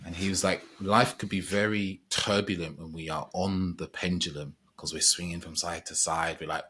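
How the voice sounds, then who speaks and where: A man's voice: low-pitched, steady tone, normal speed, bright, forceful tone, slightly rough. A man speaking as a podcast guest, thoughtful and meandering, often restarting his sentences as he reflects. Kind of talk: reflective conversational chat.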